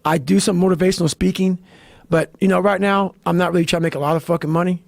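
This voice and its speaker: A middle-aged man talks in a raised, gravelly register, close and dry on the mic. He is blunt and swears constantly as he pushes a hard-edged motivational message. His delivery lurches from low growls into sudden shouted bursts. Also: fairly even intonation, fast, no echo. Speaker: motivational speaker. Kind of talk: intense profane monologue.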